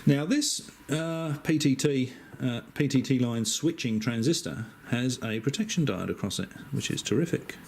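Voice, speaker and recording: A man's voice: medium pitch, normal speed, gravelly, hardly any pauses, a little hiss or hum. Chatty Australian man explaining circuits. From Western Australia. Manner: relaxed, chatty, with frequent hesitations and dry asides. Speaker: amateur radio operator. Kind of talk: casual technical explanation.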